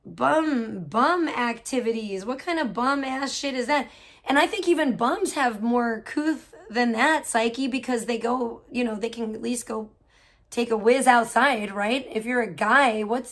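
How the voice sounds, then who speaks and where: A woman hosting a livestream and chatting casually with viewers, outspoken and blunt, with a child of her own. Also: fairly high pitch. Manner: outspoken, swears freely, reacts with loud disgust; chatty, full of fillers and questions to chat. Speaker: livestream host; parent of a young child. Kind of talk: casual chat reacting to viewers' messages.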